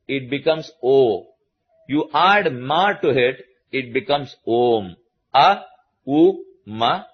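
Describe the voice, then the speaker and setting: Indian English man, spiritual teacher, husky voice, dull lo-fi sound, patient repetitive explaining. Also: on the high side. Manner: slow, repetitive explaining to a live audience. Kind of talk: religious discourse.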